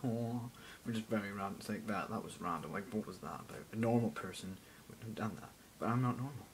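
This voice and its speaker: A man's voice: lowish voice, fast talker, a little hiss or hum, rough recording. A teenage boy rambling jokily into a phone camera, going off on random tangents. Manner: random, jokey, self-mocking, mutters asides. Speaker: vlogger. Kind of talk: rambling casual vlog.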